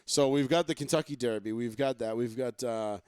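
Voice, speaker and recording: A man's voice: mid-range voice, fairly quick, darkish tone, clear, resonant tone, no room sound. A man hosting a casual sports talk podcast, ranting and swearing, mocking fans, into a close mic. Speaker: podcast host.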